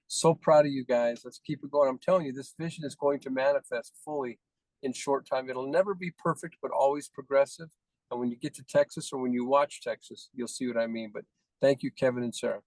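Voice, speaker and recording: A man's voice: medium pitch, fairly even intonation, fairly quick, a little mellow, dry recording, rough recording. A man leading a team call, praising members one by one in effusive, repetitive phrases. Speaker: team leader presenting recognitions.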